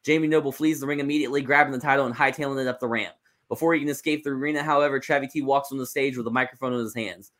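Bright-voiced young man narrating casually. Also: mid-range voice, fairly even intonation, rapid-fire. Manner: loose, joking, swears and restarts. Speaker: podcast host. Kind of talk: casual narration of a wrestling story.

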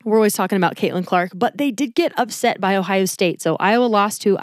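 A woman's voice: mid-range voice, fast, no echo, clean studio sound. A woman hosting a sports podcast, chatting through the week's news and correcting herself with a laugh. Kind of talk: casual solo sports recap.

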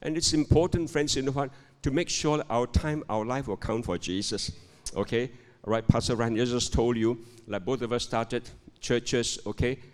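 A man's voice: mid-range voice, moderate pace. An older man preaching a sermon in a church, reading scripture and telling a joke while calling for amens. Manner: calls for amens, animated storytelling. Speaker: guest preacher. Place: church sanctuary. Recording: long hall reverb.

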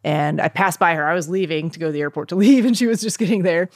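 A man's voice: a little high, quick pace, dry recording, clean studio sound. A man talking as a podcast guest in casual chat, telling a story and acting out the voices of the people he quotes. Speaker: podcast guest, marathon runner.

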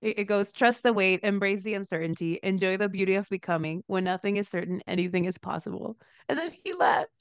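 A young woman co-hosting a podcast, telling a story in a chatty, animated way with lots of fillers. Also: a little fast, few pauses, smooth, no room sound, dull audio. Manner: animated storyteller, lots of "like", laughs into high pitch. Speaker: podcast co-host, dancer. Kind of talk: casual chat, storytelling.

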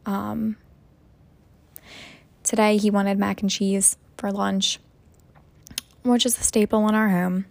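Gravelly young mom rambling casually. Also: female voice, medium pitch, a little mellow. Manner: rambling, full of "you know" and "like". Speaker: mom sharing personal reflections.

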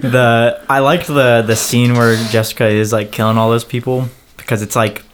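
A man's voice: medium pitch, flat delivery, normal speed, slight background noise. A man co-hosting a podcast, joking around in a laid-back casual chat. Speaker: podcast co-host.

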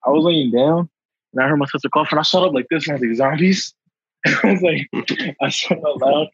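A young man telling a casual, slangy story, animated and laughing often. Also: a little high, fast talker, slightly rough, no echo, lo-fi sound.

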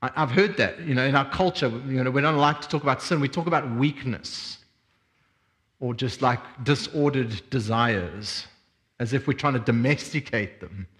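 A man preaching a sermon as a pastor, reading scripture and expounding it with expressive emphasis. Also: medium pitch, normal speed. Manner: expressive preaching, swings between quiet reflection and emphatic energy.

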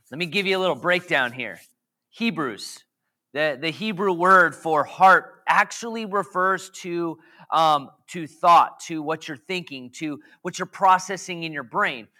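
A slightly hoarse man giving a casual, conversational sermon as a pastor, rambling off on jokey tangents and asking the audience questions. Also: fairly high pitch, lively intonation, measured pace, pushed and bright.

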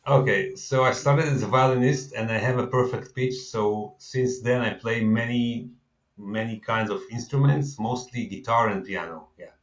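A man in his fifties from Israel with an Israeli accent, a guest talking casually and haltingly with fillers in an interview. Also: mid-range voice. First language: Hebrew. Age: 50s. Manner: relaxed, halting, with many fillers. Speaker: guest, venture fund founder. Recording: slightly dull lo-fi audio.

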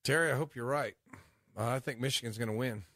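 A man's voice: mid-range voice, fast, fairly bright tone, no echo, studio quality. A man co-hosting a sports radio show, blunt and teasing in his opinions. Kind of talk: casual radio sports chat.

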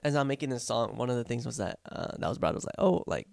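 A man's voice: medium pitch, animated, fast talker, creaky, a little mellow, dry recording, studio quality. A young man talking casually about practicing his song, rambling and reflective, with lots of fillers and restarts. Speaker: vlogger recording his own song. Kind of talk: casual vlog talk.

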